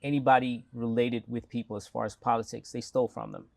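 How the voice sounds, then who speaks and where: A man's voice: mid-range voice, flat delivery, fast, vocal fry, darkish tone, dry recording, clean studio sound. Confident man with a lightly South African-tinged American accent. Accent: American-sounding, slightly South African. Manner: confident, joking, rambling with restarts. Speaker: mayoral candidate guest. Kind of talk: casual interview chat.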